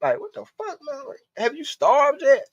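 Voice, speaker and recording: A man's voice: very high voice, huge pitch swings, moderate pace, no room sound. A man hosting a live stream, rambling casually and profanely while he talks to his chat. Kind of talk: casual livestream monologue. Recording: dull, dry lo-fi stream audio.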